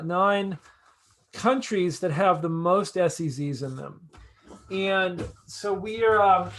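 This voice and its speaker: A man leading a project kickoff, talking through a screen share in a casual, halting way with many fillers and restarts. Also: a little high. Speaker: project lead.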